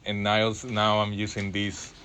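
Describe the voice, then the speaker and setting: Man hosting a radio show, low voice, halting and rambling, faint background hiss. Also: monotone, a bit bright. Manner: rambling, halting, many fillers and restarts. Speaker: radio host. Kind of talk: casual solo radio talk. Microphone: studio microphone.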